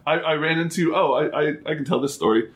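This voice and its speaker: A young man co-hosting a podcast, talking casually in a halting way with frequent restarts and ums. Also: fairly high pitch. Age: young adult. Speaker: podcast co-host. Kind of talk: casual chat.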